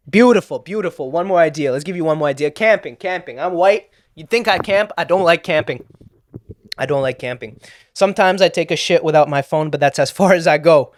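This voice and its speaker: A young man rants alone on a podcast, swearing and mocking in a put-on New York accent. His voice sits a little high and sounds dry and close. He laughs at his own bits as he goes. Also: no echo. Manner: profane, sarcastic ranting with frequent laughs. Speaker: comedian. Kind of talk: solo podcast rant.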